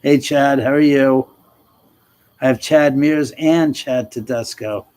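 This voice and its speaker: A man's voice: mid-range voice, slow pace, darkish tone, poor audio. A middle-aged man hosting a casual livestream, chatting with viewers, laughing often and swearing freely. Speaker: livestream host. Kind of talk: casual livestream chat reading comments.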